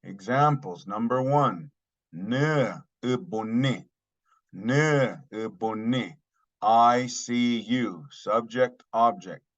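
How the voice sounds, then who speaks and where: Male language teacher, unhurried and methodical, mid-pitched voice, muffled lo-fi recording. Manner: repeats each phrase slowly for learners, then explains it plainly. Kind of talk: slow spoken language lesson.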